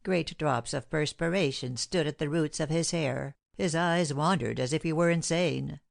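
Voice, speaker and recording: A woman narrating a classic novel as an audiobook, reading in a measured, steady way. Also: low-pitched, creaky, dry recording, clean studio sound.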